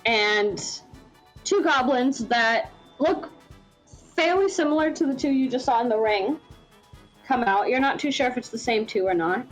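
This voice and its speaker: A woman's voice: a little high, expressive, moderate pace, soft background music, low-quality recording. Woman game master narrating loosely. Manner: rambling, filler-heavy narration.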